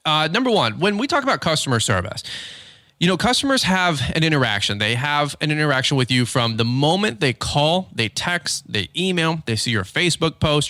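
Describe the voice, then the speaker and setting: An energetic man from Michigan hosts his business podcast in a loose, chatty style. His voice sits at an ordinary middle pitch. The recording is dry and close, with hardly any room sound. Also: dry recording. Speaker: podcast host, lawn business owner. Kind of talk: casual podcast talk. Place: home studio in garage.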